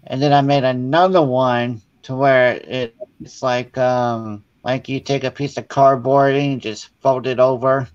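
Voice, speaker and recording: A guest crafter, rambling enthusiastically with lots of fillers in casual chat. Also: male voice, medium pitch, steady tone, unhurried, few pauses, clean tone, dull audio.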